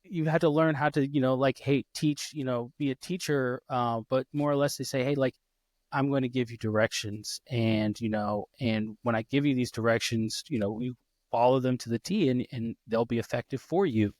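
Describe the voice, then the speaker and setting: A man in his thirties hosting a casual podcast interview, lively and quick to act out his kids' voices. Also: medium pitch, dry recording, clean studio sound. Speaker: podcast host.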